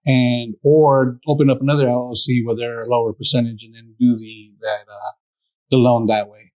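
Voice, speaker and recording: A man's voice: medium pitch, flat delivery, normal speed, warm tone, no room sound, poor audio. Dry-sounding male podcast host. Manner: affirming, sums up advice for listeners. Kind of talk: conversational podcast interview.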